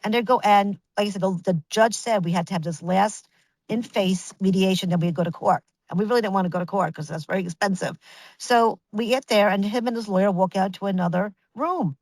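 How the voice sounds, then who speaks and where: A woman in her fifties, a guest telling a long personal tale in a lively, chatty rush, full of restarts and little acted-out quotes. The sound is close and dry, with no room around her. Her pitch sits in an ordinary middle range. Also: fairly quick, no echo, poor audio. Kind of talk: casual storytelling interview.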